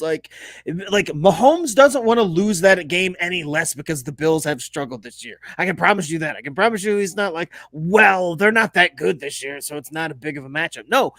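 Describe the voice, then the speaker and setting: A man's voice: sits high, a bit bright, no echo. A man co-hosting a casual sports podcast, emphatic and opinionated, laughing often. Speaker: podcast co-host.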